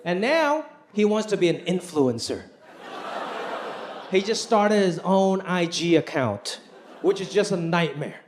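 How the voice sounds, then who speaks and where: A man performing a stand-up comedy routine on stage, animated and putting on voices for the people in his stories. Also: high-pitched, a little slow, slight background noise. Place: stage before a laughing audience. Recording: live show with crowd laughter.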